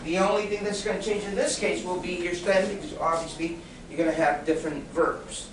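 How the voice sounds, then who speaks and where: Speaking a little fast in a high-pitched voice with fairly even intonation, a man lectures a class on Spanish grammar. Background noise and the echo of a classroom recorded from afar surround him as he patiently asks questions and says "okay?" to confirm students understand.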